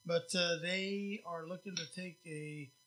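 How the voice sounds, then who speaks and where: A man hosts a casual podcast chat, rambling and swearing freely as he gives blunt opinions. His voice is high and bright, with a sharp edge. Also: fairly even intonation, unhurried. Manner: blunt, profane, rambling with fillers. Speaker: podcast host.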